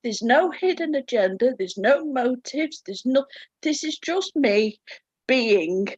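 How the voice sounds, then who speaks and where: A woman's voice: high voice, animated, slow pace, darkish tone, husky, dry recording. A woman sharing candidly and tearfully in a spiritual group call, swearing freely. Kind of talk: emotional sharing. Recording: dry, muffled audio.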